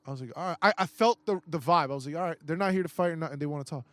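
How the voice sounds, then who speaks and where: This young man, a guest on a podcast, rattles off a story rapid-fire in a slightly high, somewhat bright voice, cursing casually, acting out quoted voices and often beginning sentences again. It's recorded indoors with no room sound.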